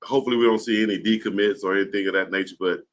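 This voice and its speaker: Deep-voiced laid-back male talk show co-host. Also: racing. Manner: relaxed, agreeable, gives shout-outs. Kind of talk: casual sports talk show.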